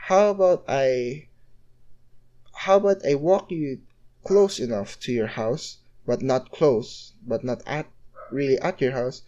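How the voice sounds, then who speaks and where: An earnest young masked hero, as a man puts him on, who stumbles over his words and repeats himself. The voice sits at an ordinary middle pitch. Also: slow pace, mellow, muffled recording, natural voice. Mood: coaxing.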